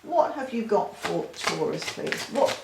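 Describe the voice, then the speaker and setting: A woman's voice: mid-range voice, sing-song, unhurried, vocal fry, roomy sound, very noisy. A woman doing a chatty, reassuring tarot reading, talking straight to the viewer from her dining room. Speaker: tarot card reader. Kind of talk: casual spoken card reading.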